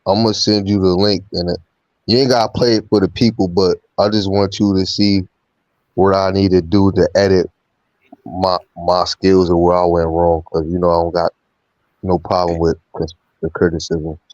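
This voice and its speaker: A man's voice: low-pitched, little pitch movement, normal speed, a little mellow, no room sound, dull audio. A man calling into a casual online chat, easygoing and slangy.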